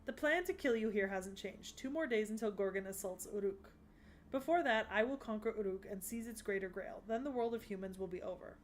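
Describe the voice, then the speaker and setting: A woman voicing a haughty goddess who rules the underworld, grandiose and commanding but quickly flustered, in an English anime dub. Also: slight background noise, natural voice. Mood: resolute. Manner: grandiose and imperious, then flustered and shrill. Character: haughty goddess queen of the underworld, proud yet easily flustered.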